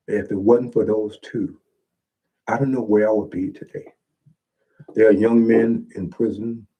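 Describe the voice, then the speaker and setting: Earnest husky-voiced man, low and mellow. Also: poor audio. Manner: earnest, preacher-like rhetorical questions. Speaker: author discussing his own book. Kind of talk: reading and reflecting on his writing.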